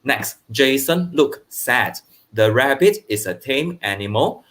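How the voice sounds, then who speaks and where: Man teaching grammar with lively pitch. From Malaysia. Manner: explains slowly, checks understanding with frequent "okay"; switches into Mandarin for translations. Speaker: primary school English teacher. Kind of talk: online grammar lesson.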